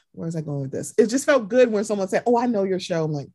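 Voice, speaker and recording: Animated woman podcast host, dry close sound. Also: fast talker, dry recording. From Maryland. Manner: animated storytelling, acts out quotes with big pitch jumps. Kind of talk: casual podcast chat.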